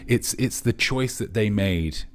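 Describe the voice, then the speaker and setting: A man's voice: on the low side, unhurried. A man hosting a comic live quiz in a pompous, rambling, mock-serious manner. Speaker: quiz host.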